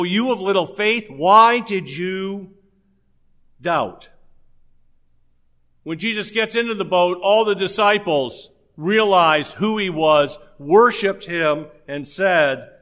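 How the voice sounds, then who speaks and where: A man's voice: a little high, fairly bright tone. A man preaching a sermon in a conversational way, with humorous asides.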